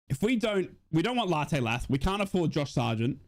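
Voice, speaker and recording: Young male fan-commentator, slightly high voice; excitable, rambling, mixes play-by-play with chat replies. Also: moderate pace, hardly any pauses. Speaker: football watch-along host.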